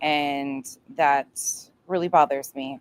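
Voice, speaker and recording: A woman's voice: rumbling low, steady tone, slow, smooth. A woman giving reaction commentary on a clip, blunt and profane. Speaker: commentary streamer.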